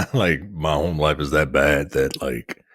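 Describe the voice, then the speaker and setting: A man co-hosting a film podcast, chatting casually in an animated, profane way. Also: extremely low pitch, husky, dry recording, studio quality. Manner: animated, profane, quick to laugh. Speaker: podcast co-host. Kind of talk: casual conversational film review.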